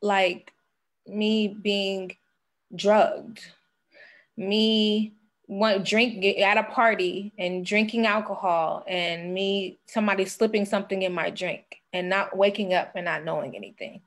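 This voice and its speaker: Young woman, podcast guest, earnest testimony, holding back tears, halting phrases. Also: mid-range voice, steady tone. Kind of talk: emotional personal testimony.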